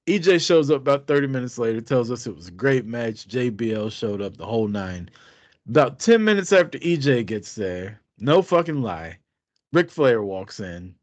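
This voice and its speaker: A man's voice: medium pitch, no room sound. A man co-hosting a podcast, telling a rambling, profane story in casual chat. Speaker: podcast co-host.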